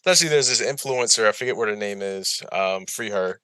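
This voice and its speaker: A man's voice: lowish voice, fairly quick, pushed and bright, clear, resonant tone, no room sound. A man co-hosting a podcast in casual chat, rambling and repeating himself, laughing often. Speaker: podcast co-host. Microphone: remote recording.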